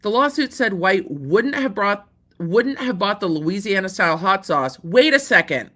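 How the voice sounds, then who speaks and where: A woman hosting a casual legal commentary show, bright and forceful in tone. She reacts with animated disbelief, repeats herself, and swears casually. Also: mid-range voice, moderate pace. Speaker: host.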